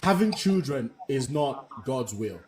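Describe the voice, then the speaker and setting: A man's voice: medium pitch, big pitch swings, a little slow, darkish tone. A man hosting a live panel discussion, talking bluntly and emphatically and repeating his points. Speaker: host.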